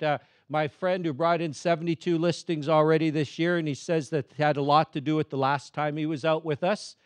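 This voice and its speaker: Middle-aged guy doing a fun upbeat keynote, bit high voiced, keeps getting the crowd to answer, dry close sound. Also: no echo. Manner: energetic, humorous, prompts audience responses. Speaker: motivational speaker. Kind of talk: keynote presentation to a live audience.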